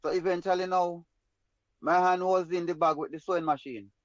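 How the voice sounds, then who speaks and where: A man's voice: high-pitched, steady tone, fairly quick, no echo, lo-fi sound. A man with a Jamaican accent telling a personal story in an emphatic, rambling way in patois. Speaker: guest storyteller.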